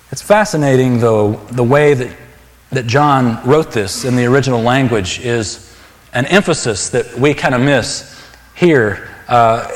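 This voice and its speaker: A man preaching a sermon, talking in an earnest, conversational way and stressing key words emphatically. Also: medium pitch. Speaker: pastor. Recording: long hall reverb.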